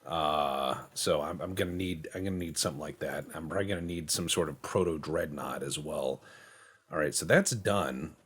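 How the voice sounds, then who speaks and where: A gaming channel host with a very deep, slightly rough voice casually commentates his gameplay in a let's-play. He jokes, swears and mocks himself along the way, slipping into quick silly voices for other countries.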